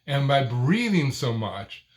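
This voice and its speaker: An older man gives an instructional talk at a very unhurried pace, breaking his speech into short phrases and leaning on a word near the end of each. His tone is expressive and melodic, with a voice of middling pitch. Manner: expressive, sing-song phrasing. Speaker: speaking coach.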